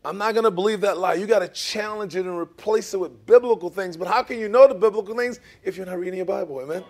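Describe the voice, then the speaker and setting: A middle-aged man preaching a sermon, emphatic, swinging between loud emphasis and soft asides, often checking in with "okay?" and "amen?". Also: high-pitched, fast talker. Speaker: pastor.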